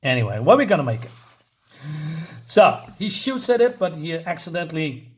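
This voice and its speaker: A man's voice: on the high side, big pitch swings, brisk. A man casually reviewing a comic book in a rambling way, with lots of filler words.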